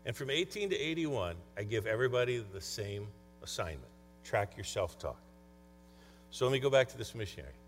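A man's voice: medium pitch, sing-song, a little fast, faint music behind. A man speaking as a conference speaker and coach, telling stories in a conversational motivational talk. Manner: conversational storytelling. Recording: long hall reverb, faint mains hum.

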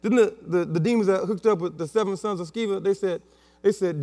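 A man's voice: high-pitched, a little fast, warm tone, faint music behind. A man preaching a sermon with emphatic repetition and playful asides. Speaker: pastor. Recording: long hall reverb with mains hum.

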